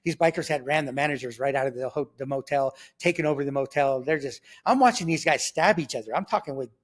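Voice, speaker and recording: A man's voice: mid-range voice, fast talker. A middle-aged man telling his life story as a testimony, acting out dialogue with many fillers and restarts.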